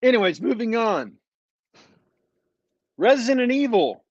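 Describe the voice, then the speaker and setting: Sarcastic podcast guy rambling about a tv show, slow and drawn out, lots of ums, kinda muffled dry mic. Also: extremely high pitch, very animated, no room sound. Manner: sardonic, rambling, with frequent ums and uhs. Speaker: podcast co-host reviewing shows. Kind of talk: casual podcast chat.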